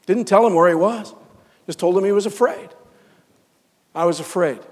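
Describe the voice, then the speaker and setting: A man preaching a sermon, swinging from loud, fervent build-ups to hushed, almost whispered lines. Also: high voice, fairly quick, big-room sound. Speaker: pastor.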